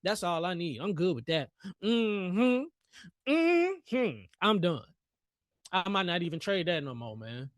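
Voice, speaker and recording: Young male streamer, high-ish voice, slangy and playful, live trade-by-trade commentary. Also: sing-song, slow, no echo, clean studio sound. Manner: playful, hyped, joking with chat, slangy. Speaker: trading livestream host.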